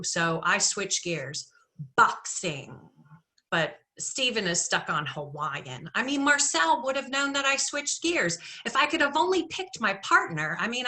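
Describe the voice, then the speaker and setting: A woman performing a solo storytelling show, playful and animated, with conversational asides to the audience. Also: fairly low pitch. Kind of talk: theatrical storytelling monologue.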